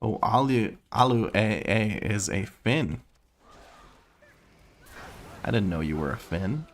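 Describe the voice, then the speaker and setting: A man's voice: fairly low pitch, lively intonation, slow pace, slight background noise. A man streaming a game, chatting casually and playfully, thinking aloud and laughing often. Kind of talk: casual live-stream chat while gaming. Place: home room.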